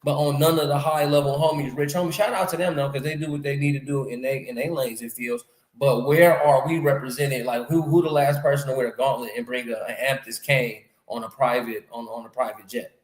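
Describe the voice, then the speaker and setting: A man hosting a casual podcast talk, animated and slangy, often repeating his phrases. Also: medium pitch, fairly quick, hardly any pauses. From North America. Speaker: podcast host. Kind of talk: casual conversation. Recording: echoey room.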